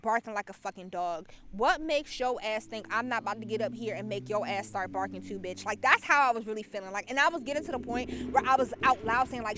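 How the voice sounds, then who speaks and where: A woman hosting her own podcast, telling a story in a casual, animated and profane way, with frequent laughter. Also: on the high side, brisk, slight background noise. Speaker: podcast host.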